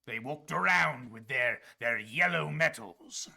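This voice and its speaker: A man voicing a proud, aloof male dragonborn swarm lord who speaks in slow, formal sentences. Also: medium pitch, lively intonation, bright, forceful tone, voice pushed up, exaggerated voice. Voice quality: slow, gravelly, formal speech. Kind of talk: tabletop role-play.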